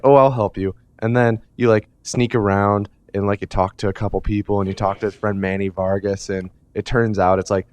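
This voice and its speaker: A man's voice: deep voice, a little mellow, clear, resonant tone. A man giving a rambling, comedic retelling from memory, full of fillers and casual swearing. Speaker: storyteller. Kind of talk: rambling comedic recap of a video game from memory.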